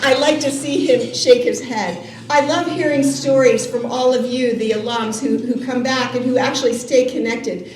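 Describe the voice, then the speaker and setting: A woman's voice: on the high side, steady tone, normal speed, hardly any pauses. Enthusiastic woman speaking in an echoey hall. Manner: warm, enthusiastic, teasing. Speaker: university president. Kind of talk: ceremony speech. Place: large reverberant banquet hall. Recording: roomy hall with faint ambience.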